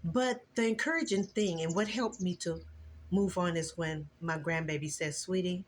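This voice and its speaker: An older woman and grandmother sharing an earnest, emotional Christian testimony in a casual vlog, with a preachy, expressive delivery. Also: normal speed, a little hiss or hum. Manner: earnest, preachy and emotional, with lively swings in pitch. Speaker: vlogger.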